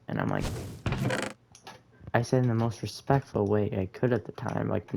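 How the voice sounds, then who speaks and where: A young man tells a story at an unhurried pace while he plays a game. His voice has a gravelly fry, and his delivery rambles in a laid-back way with plenty of fillers and slang. He sounds relaxed and chatty. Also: on the low side, background noise. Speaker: gaming storyteller. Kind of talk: casual storytime narration over gameplay.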